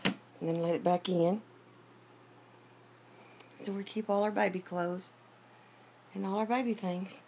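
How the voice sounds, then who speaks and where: A woman gently and fondly showing her small home nursery in a casual vlog. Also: medium pitch, fairly even intonation, slight background noise. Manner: gentle, fond, unhurried showing. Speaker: doll collector giving a home tour.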